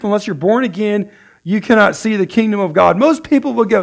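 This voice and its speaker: A man's voice: high voice, a little fast, vocal fry. A man teaching a casual sermon, conversational, reading scripture aloud and then explaining it in his own words. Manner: conversational, with frequent "right?" and restarts. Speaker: pastor.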